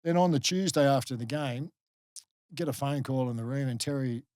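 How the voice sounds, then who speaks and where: Speaking at a normal speed in a medium pitch, this former rugby league player, a middle-aged Australian, spins stories during a relaxed podcast interview. The studio recording is clean with no room sound, and his animated telling is riddled with fillers and restarts.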